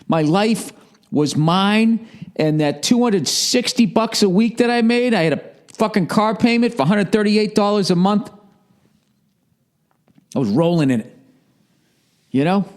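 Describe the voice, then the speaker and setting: A man's voice: fairly high pitch, lively intonation, normal speed, darkish tone. A middle-aged man hosting a podcast, rambling through a profane comedic monologue and slipping into mock voices. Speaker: podcast host.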